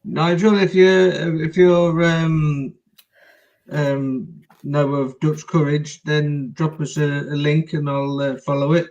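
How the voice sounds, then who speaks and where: A man's voice: fairly high pitch, level tone, slow pace, darkish tone, highs cut off. A man co-hosting a casual live-stream film chat, joking and rambling a little over a home video call.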